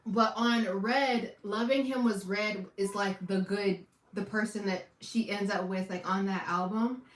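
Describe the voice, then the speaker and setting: A woman hosting a watch party, giving casual reaction commentary and repeating phrases between loud outbursts and quiet asides. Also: medium pitch. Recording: echoey room, far from the mic.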